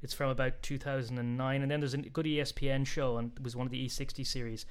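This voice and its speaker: A man's voice: mid-range voice, level tone, fast, clear, resonant tone. A man chatting casually as a podcast co-host about sports, talkative and fond of telling jokes. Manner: chatty, tells jokes with put-on voices.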